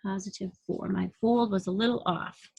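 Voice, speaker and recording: A woman's voice: medium pitch, fairly even intonation, moderate pace, gravelly, a little mellow, breathy edge, no room sound. A woman teaching a recorded math lesson, patiently counting units aloud and asking questions as she works. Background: dog barking.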